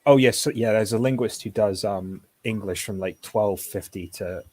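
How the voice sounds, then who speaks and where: A man with a slightly low, husky voice, chatting on an online panel. He talks haltingly, with frequent false starts and fillers. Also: darkish tone. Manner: hesitant, many restarts. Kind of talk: casual panel chat.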